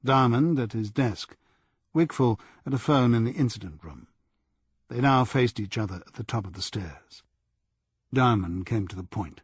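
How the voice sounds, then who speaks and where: Husky male audiobook narrator. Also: on the low side, moderate pace, no echo. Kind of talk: scripted narration.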